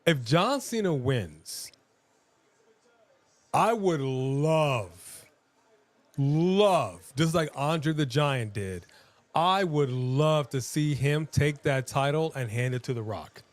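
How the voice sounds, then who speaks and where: A man's voice: a little high, animated, slow pace, no room sound. A man co-hosting a live watch-along stream, talking casually and rambling with frequent restarts.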